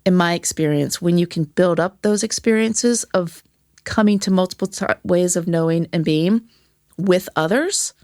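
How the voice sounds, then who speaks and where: A woman's voice: lowish voice, moderate pace, darkish tone, dry recording, clean studio sound. A woman talking as a podcast guest and former teacher, candid and profane, acting out the voices of people she quotes. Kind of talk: casual conversation.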